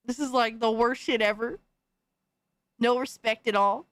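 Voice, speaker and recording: A woman's voice: on the high side, fairly even intonation, a little slow, a bit bright, clean tone, no echo. A woman hosting a casual live stream, reacting to viewer videos with mock outrage, frequent swearing and slangy asides. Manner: mock outrage, swears, calls everyone bro. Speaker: streamer host.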